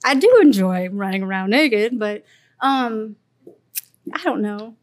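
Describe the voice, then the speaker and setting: A woman's voice: medium pitch, takes it slowly, no echo. A woman in her forties from Louisiana with a Cajun accent, chatting and laughing as a podcast guest, calling herself sassy. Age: 40s. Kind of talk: casual interview chat.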